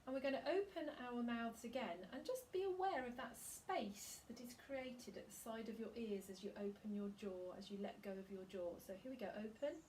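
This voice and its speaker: Gentle woman leading a vocal warm-up. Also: a little high, animated, normal speed, few pauses, distant mic, slight background noise. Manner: gentle, encouraging instructions. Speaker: singing teacher.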